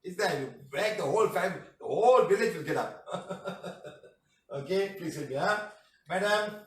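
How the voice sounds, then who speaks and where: A man's voice: high-pitched, animated, moderate pace. A man with a Malaysian English accent teaching a casual class, reading out messages and joking with a chatty, laughing manner. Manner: jokey, chatty, repeats "madam" and "huh", laughs often. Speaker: healing teacher answering testimonials. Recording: echoey room, voice somewhat far from the mic.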